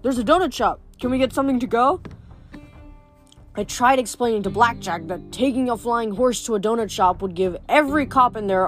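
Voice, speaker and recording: Female reader, higher register, plain read-aloud with slight stumbles, faint music under. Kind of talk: reading a novel aloud.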